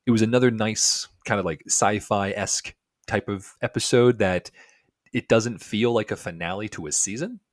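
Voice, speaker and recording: A man's voice: lowish voice, normal speed, dry recording, studio quality. A man co-hosting a podcast, giving a rambling, casual episode review full of fillers and restarts. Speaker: podcast co-host.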